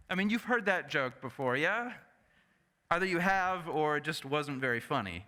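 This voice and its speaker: A male pastor preaching a sermon in an animated storytelling manner, often turning to the congregation with asides. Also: a little high, moderate pace. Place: church sanctuary. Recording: echoey church sanctuary.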